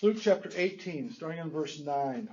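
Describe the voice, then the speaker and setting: Earnest preaching pastor, slightly high voice. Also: male voice, expressive, moderate pace, a little mellow, muffled recording, a little hiss or hum. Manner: earnest, rhetorical questions, chuckles often. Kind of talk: sermon. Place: church sanctuary.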